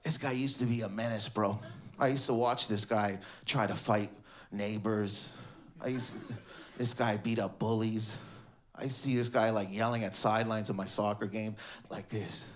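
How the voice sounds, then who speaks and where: A man from Canada doing a stand-up comedy set, acting out his family members in sudden shouted bursts. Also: on the low side, fairly even intonation, moderate pace. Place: comedy stage before a live audience. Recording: echoey venue with loud crowd laughter.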